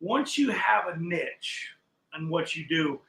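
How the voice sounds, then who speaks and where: Animated older man telling stories. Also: fairly high pitch, takes it slowly, echoey room, low-quality recording. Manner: animated storyteller acting out quoted voices. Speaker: podcast guest. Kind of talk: casual storytelling in a chat.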